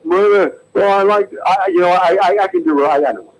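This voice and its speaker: A man putting on a bashful, stammering old-film leading man who keeps repeating himself, pitched high. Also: fast talker, slight background noise, close to an everyday voice, rough recording. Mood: hesitant. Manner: stutters, drawls, repeats words.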